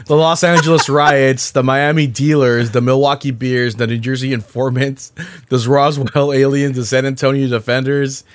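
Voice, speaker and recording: A laid-back man co-hosting a casual movie podcast, chuckling as he reads a list aloud. His voice has a middle pitch and a close, dry sound with no room around it. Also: flat delivery, normal speed, no echo.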